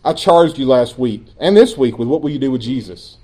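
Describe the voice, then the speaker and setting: A man preaching a sermon as pastor, earnest and emphatic, dropping at times into quiet asides. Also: medium pitch, animated, a little fast.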